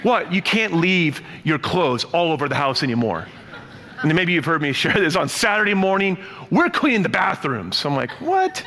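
Animated male pastor in a reverberant hall. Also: a little high, moderate pace. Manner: animated, playful, acts out quotes. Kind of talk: sermon.

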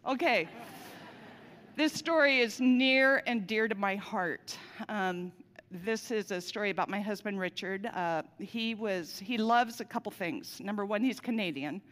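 A woman's voice: mid-range voice, measured pace, a bit bright. A woman delivering a sermon, telling a personal story in a conversational way with casual asides. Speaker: pastor. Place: church sanctuary. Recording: long reverb of a large church hall.

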